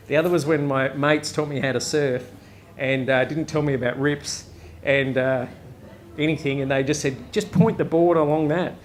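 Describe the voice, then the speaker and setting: An Australian pastor delivers a loose, conversational sermon at a live service, full of jokes and quick "right?" asides. His voice sits a little higher than most men's. A faint background hum from the room runs under his talk. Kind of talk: casual sermon. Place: chapel during a live service.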